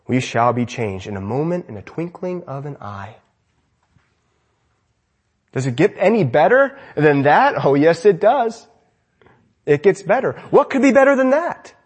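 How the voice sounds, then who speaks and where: A man preaching a sermon with fervent energy, swinging between loud exclamations and hushed lines. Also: mid-range voice.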